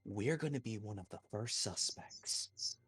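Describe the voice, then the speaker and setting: A man with a husky, low-pitched voice argues in character during a tabletop role-playing game. He talks bluntly and swears often, pressing his point hard. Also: expressive, measured pace, a bit bright, soft background music. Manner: blunt, profane, argumentative.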